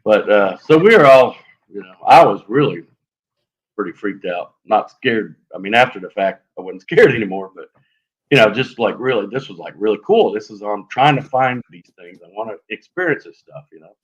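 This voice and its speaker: A man telling a story on a live show in a lively, animated way, acting out sounds as he goes. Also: on the low side, moderate pace, slightly rough, poor audio. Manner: animated, lively retelling with fillers and sound effects. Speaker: guest telling an encounter story.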